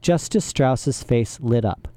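A man reads a children's novel aloud in a wry, expressive way. His voice has a warm, mellow tone. The recording is dry and close to the mic. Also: mid-range voice, takes it slowly, dry recording. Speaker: reader. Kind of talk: reading a children's book aloud.

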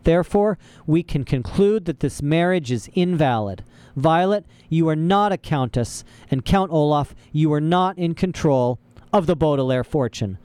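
A man voicing a soft-hearted, tearful female judge in a storybook, speaking carefully and gently. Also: a little high, animated, measured pace, smooth, no room sound, voice pushed up. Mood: earnest.

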